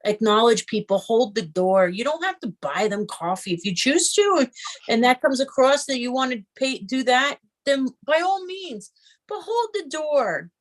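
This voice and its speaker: An earnest woman co-host with a fairly high voice who talks in an encouraging, advice-giving way. She sounds relaxed and conversational. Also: unhurried. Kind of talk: casual chat.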